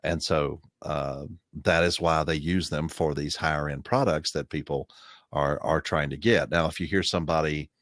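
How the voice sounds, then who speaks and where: A man's voice: a bass voice, fairly even intonation, normal speed, a bit bright, no room sound, clean studio sound. An American man with an Appalachian accent, co-hosting a casual podcast chat and explaining things at length in an easygoing way. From United States. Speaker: podcast co-host.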